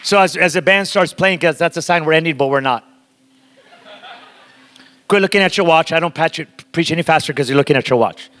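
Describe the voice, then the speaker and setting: Guy preaching a sermon, pretty high voice, talks right at the crowd, long echo in a big church. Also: a little fast, pauses often, fairly bright tone. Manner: emphatic, talks straight to the congregation. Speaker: guest preacher. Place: church sanctuary. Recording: long reverb of a large hall.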